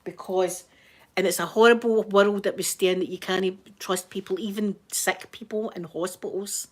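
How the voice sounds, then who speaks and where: Woman, Glasgow accent, channel host, casual rambling chat, Scots words, mid pitch. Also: steady tone, moderate pace. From Scotland.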